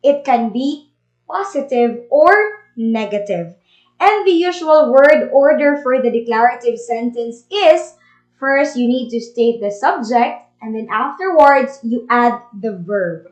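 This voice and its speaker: A woman's voice: on the high side, animated, measured pace, a little mellow, highs cut off. A woman teaching a grammar review lesson, explaining step by step with Tagalog asides. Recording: echoey room.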